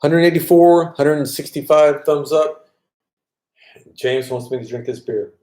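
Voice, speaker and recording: A man's voice: fairly high pitch, unhurried, darkish tone. A man casually chatting on a live stream, reading viewer comments aloud and answering them. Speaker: vlogger answering live chat.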